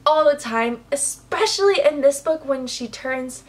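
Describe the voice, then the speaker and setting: A woman reviewing a book in a casual vlog, gushing and excitable, with plenty of "like" fillers. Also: high-pitched, a little slow. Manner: gushing, excitable, says "like" a lot.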